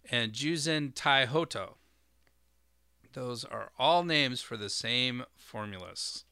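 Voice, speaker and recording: Male podcast host, bright and dry-sounding, explanatory and a bit rambling. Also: on the high side, clean tone, dry recording. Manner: explanatory, with fillers and spelled-out terms. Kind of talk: solo educational podcast.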